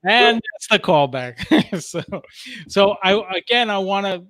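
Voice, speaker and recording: A man's voice: high-pitched, expressive, measured pace, fairly bright tone, no room sound. A man hosting a podcast, chatting casually with his guest and thanking him. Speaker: podcast host. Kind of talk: casual interview chat.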